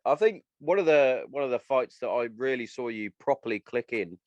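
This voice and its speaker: A man's voice: medium pitch, animated, a little fast, dry recording, muffled recording. A man hosts a casual podcast from his shed, his voice rising and falling freely as he talks crudely and bluntly. The sound is dry and close, with laughs breaking in. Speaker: podcast host. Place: garden shed.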